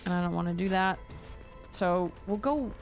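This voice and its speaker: A young woman streaming a video game, chatting casually and thinking out loud as she plays. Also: fairly low pitch, moderate pace, soft background music. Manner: chatty, musing aloud, reading chat. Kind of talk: casual gameplay commentary.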